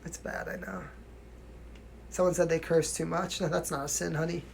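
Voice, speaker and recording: A man's voice: fairly high pitch, steady tone, moderate pace, vocal fry, slight background noise. A young man from New York with a mild New York accent, chatting casually on a livestream as a singer answering viewer questions, often asking "you know what I mean" and laughing.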